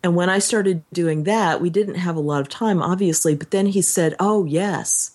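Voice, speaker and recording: A woman's voice: lowish voice, normal speed, darkish tone. A woman co-hosting a podcast, telling a story in a casual chat and acting out the quotes she tells. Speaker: podcast co-host.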